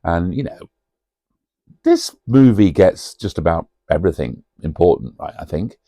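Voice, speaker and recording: A man's voice: sits low, expressive, normal speed, warm tone, no echo, studio quality. A man hosting a cosy pub-style chat about a film, rambling and chatty with lots of fillers and asides to the viewer. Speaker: video host.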